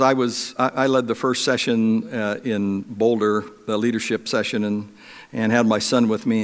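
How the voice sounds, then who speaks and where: Middle-aged man from Europe, preacher; chatty storytelling sermon, long reverb of a big hall. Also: mid-range voice. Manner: conversational storytelling with many restarts and fillers.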